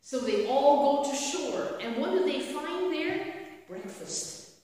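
Slow, echoey woman preaching. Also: high voice, animated, a little mellow. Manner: storytelling with frequent rhetorical questions. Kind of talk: sermon. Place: church sanctuary. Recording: echoey hall from a distant mic.

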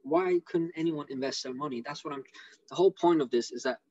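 A man with an English accent giving rambling, excitable commentary on a live stream over a video call. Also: on the high side, a little fast, no echo, muffled recording. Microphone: computer mic on a video call.

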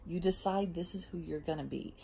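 Low gravelly woman, casual motivational talk. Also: brisk, a little hiss or hum. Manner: emphatic, drifts between soft whispers and bursts. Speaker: host. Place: outdoors.

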